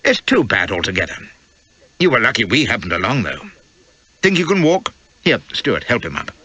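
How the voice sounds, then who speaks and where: A boisterous, grinning adventurer captain around forty, played by a male reader, tossing off teasing banter with lively swings in pitch. He sounds bright and forceful, close and dry as a studio audiobook. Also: normal speed, husky, dry recording, exaggerated voice. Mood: hearty. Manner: breezy, teasing, jolly banter. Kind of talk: audiobook character voice.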